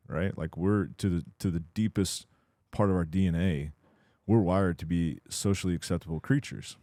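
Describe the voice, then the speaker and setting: A man's voice: low voice, warm tone, no echo, studio quality. A man co-hosting a coaching podcast, talking through ideas in a reflective, explanatory way. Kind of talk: casual podcast discussion.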